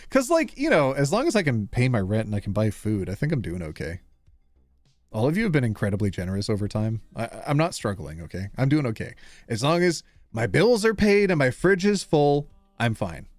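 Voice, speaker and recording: A man's voice: mid-range voice, normal speed, no echo, soft background music. Playful guy streamer reading chat, voice jumps up and down a lot, dry close sound. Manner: playful, animated, teasing, reading chat aloud. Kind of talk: casual live-stream chat.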